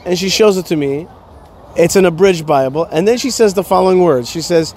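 High-voiced man hosting a chatty show. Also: a little fast, darkish tone, slight background noise. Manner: chatty storyteller with fillers. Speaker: radio show host. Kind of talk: casual podcast monologue. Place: poolside at a motel outdoors.

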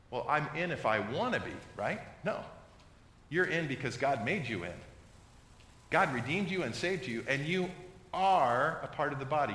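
A man's voice: fairly high pitch, bright, forceful tone. A pastor from the United States preaching a sermon and reading scripture aloud, with playful mock voices for his examples. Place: church sanctuary. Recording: echoey hall, long reverb.

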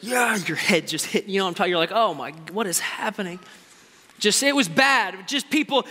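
High bright-voiced preacher in a reverberant hall. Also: male voice. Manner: passionate, swinging from loud exclamations to quiet asides. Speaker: pastor. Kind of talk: sermon. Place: large church hall. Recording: long hall reverb with faint music.

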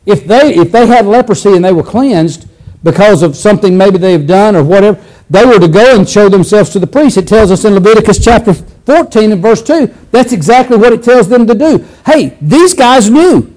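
A male preacher giving a conversational sermon, animated and acting out scenes, with frequent restarts. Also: high-pitched, fairly quick, rough recording.

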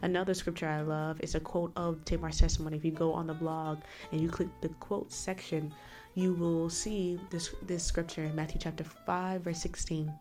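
A woman's voice: low voice, flat delivery, moderate pace, a little mellow, faint music behind. A woman hosting her own faith podcast, talking in an emphatic, preaching way and answering the questions she asks. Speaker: podcast host. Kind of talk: solo faith podcast talk.

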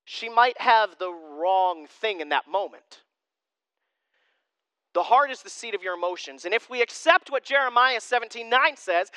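Bright-voiced pastor man preaching. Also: extremely high pitch, clear, resonant tone, dry recording. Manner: conversational, self-deprecating humor. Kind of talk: sermon.

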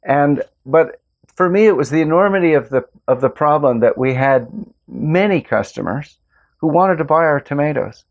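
A man who farms organic tomatoes, hosting a casual interview and telling stories in an earnest, relaxed way. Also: fairly high pitch, normal speed, dull audio. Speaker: host, organic tomato farmer.

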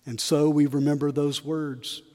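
A man preaches in a cathedral, his slightly high voice carrying a long echo through the stone space. He tells stories with shifting emphasis and briefly acts out the quotes. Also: level tone, measured pace, mellow. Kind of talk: sermon. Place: large cathedral.

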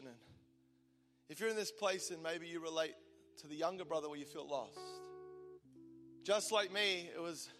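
Man, 40s, passionate preacher, high bright tone, hushed to loud, big church hall reverb. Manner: impassioned, swinging from loud declaration to hushed intimacy. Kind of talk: sermon. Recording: large hall reverb with soft music behind.

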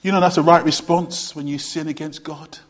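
A man preaching a sermon earnestly, repeating phrases for emphasis and swinging between loud and hushed delivery. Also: on the high side, steady tone, brisk. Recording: long hall reverb.

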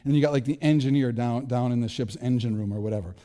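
Middle-aged male pastor, mellow voice, chatty self-deprecating sermon, echoey hall. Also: mid-range voice, quick pace. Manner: conversational, self-deprecating, frequent restarts.

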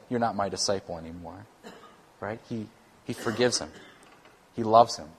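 A man, a worship pastor, preaching a conversational sermon, animated and at times self-deprecating. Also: mid-range voice.

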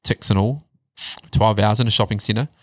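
A man telling his life story in a casual chat, blunt and animated, swearing heavily. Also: lowish voice, moderate pace, dry recording. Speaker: podcast guest.

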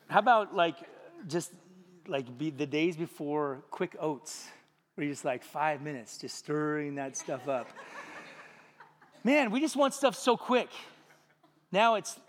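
A man preaching a sermon as pastor, animated, acting out little voices and jokes for the congregation. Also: on the high side, measured pace, long pauses, long reverb tail, a little hiss or hum. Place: church sanctuary.

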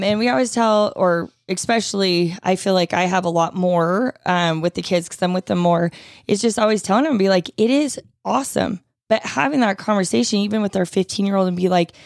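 A woman's voice: mid-range voice, fairly quick, vocal fry, no echo, clean studio sound. A middle-aged woman co-hosting a parenting podcast, offering earnest, reflective advice with the odd wry aside. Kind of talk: casual chat.

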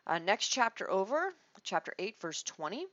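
A woman teaching a Bible study in a conversational, expressive way, restarting her phrases as she thinks. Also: medium pitch, moderate pace, no echo. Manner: expressive, acts out quoted lines, restarts phrases. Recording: dull lo-fi dry recording.

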